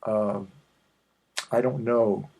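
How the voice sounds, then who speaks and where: Rambling husky-voiced man hosting a podcast. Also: lowish voice, fairly even intonation, extremely slow, darkish tone. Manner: digressive, self-mocking, with many fillers and restarts. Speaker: podcast host. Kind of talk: rambling solo podcast chat.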